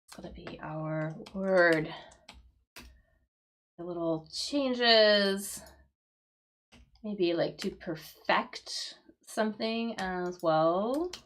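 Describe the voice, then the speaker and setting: Woman English teacher, slow and patient, lots of "right?" checks, live-stream lesson. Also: lowish voice. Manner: explains slowly with frequent "right?" checks and fillers.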